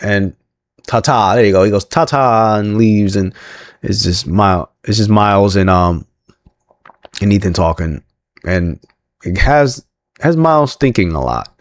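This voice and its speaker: Low-voiced man rambling through a recap. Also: lively intonation, moderate pace, long pauses, no room sound. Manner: rambling, filler-heavy, chuckling asides. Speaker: wrestling recap host. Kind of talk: casual recap commentary.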